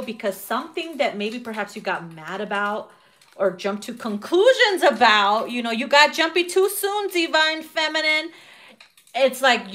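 A woman's voice: on the high side, a bit bright. A woman giving a casual tarot reading who swears freely, laughs often and acts out quotes. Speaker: tarot reader.

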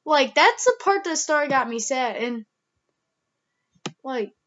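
A woman's voice: high-pitched, lively intonation, unhurried, fairly bright tone, highs cut off. Teary rambling young woman vlogger. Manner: rambling, heavy use of "like", many restarts; emotional, close to tears. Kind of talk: casual vlog talk.

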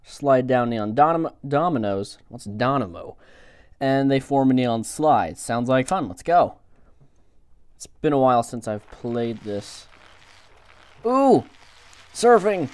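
A young man hosting a gaming channel, reacting excitably to the game with yelps and groans. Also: medium pitch, a little slow, smooth, dry recording. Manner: excitable, frequent outbursts and groans. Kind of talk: game commentary.

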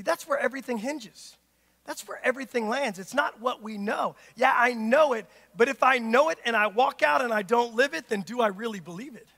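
A pastor preaches to his congregation in a very high, ringing voice, dropping quiet and then shouting for emphasis. His passionate delivery carries a long church-hall reverb. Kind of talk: sermon. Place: church sanctuary.

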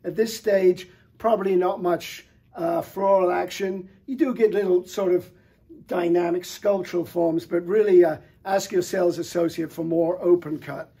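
Showing off flowers in a product showcase talk, a middle-aged florist sounds relaxed and enthusiastic. His warm, mellow voice, husky at the edges, sits high for a man, and fillers frequently break up his speech.

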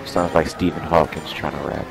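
Very deep-voiced man, deadpan. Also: moderate pace, gravelly, background noise. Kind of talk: casual gaming voice chat.

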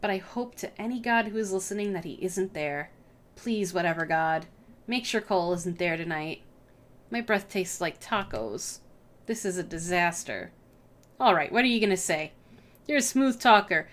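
A woman's voice: fairly low pitch, lively intonation, normal speed, fairly bright tone. A woman voicing an awkward, anxious young college dropout who talks in a nervous, self-deprecating way.

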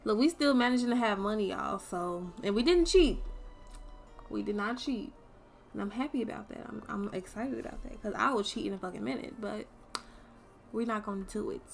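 Gravelly-voiced young woman streamer. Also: mid-range voice, a little fast, soft background music. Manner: chatty, swears freely, talks to viewers. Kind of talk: casual gameplay commentary.

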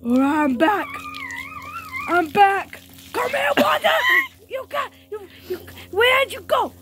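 A woman voicing a playful, boastful pet dog battling water, speaking in excited, stammering baby-talk for a home video. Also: extremely high pitch, slow pace, over music, exaggerated voice.

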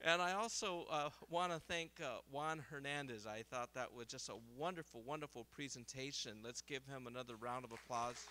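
A middle-aged man, an optometrist, speaking at a seminar in a lively storytelling way and laughing at his own jokes. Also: mid-range voice, moderate pace. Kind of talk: seminar talk with anecdotes. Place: seminar hall.

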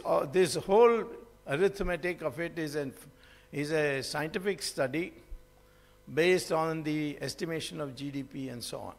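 A man's voice: sits high, fairly bright tone. A man giving a public lecture, rambling through stories with fillers and restarts. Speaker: public speaker. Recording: hall reverb.

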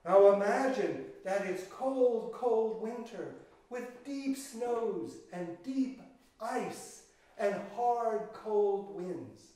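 A man's voice: sits high, animated, very slow, dark tone. An older man telling a children's story in a dramatic way, with gasps and sung chants, and speaking directly to the young listeners. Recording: echoey room, from far off the mic.

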